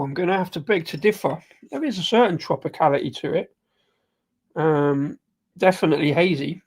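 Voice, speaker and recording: A man's voice: a little high, normal speed. A man hosting a casual live beer review, rambling and hesitant with lots of ums and restarts as he sips the beer while he talks. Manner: rambling, hesitant, full of ums and self-corrections; sipping and tasting beer while talking.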